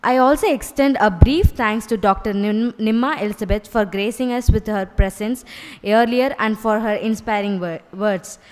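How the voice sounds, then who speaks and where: A woman's voice: medium pitch, normal speed, few pauses, a little mellow, clean tone. A woman with an Indian English accent giving a formal vote of thanks at a college workshop. She stumbles now and then over names. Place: college hall. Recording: hall reverb.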